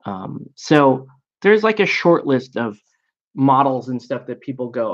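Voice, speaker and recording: A man's voice: mid-range voice, big pitch swings, a little slow, lo-fi sound. A man chatting casually about a tabletop game, rambling with frequent fillers and restarts. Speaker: miniature painting and gaming host. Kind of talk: casual chat.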